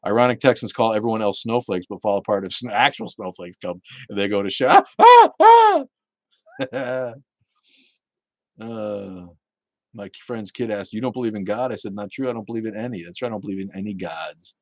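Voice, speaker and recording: Blunt, low-voiced man hosting a livestream. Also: brisk, no room sound. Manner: blunt, profane, chatty, laughs often. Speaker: livestream host reading chat. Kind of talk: casual livestream chat.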